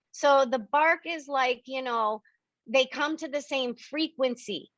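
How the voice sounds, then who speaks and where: On a video call, a woman working as a spiritual medium fields members' questions in a high-pitched, slightly bright voice at a measured pace. She explains casually and with energy, voicing the dialogue she quotes. No echo is audible, though the lo-fi audio is dull.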